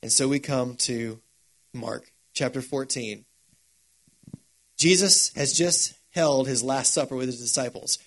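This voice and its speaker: A pastor preaching a sermon in a casual, animated storytelling way. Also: male voice, mid-range voice, unhurried.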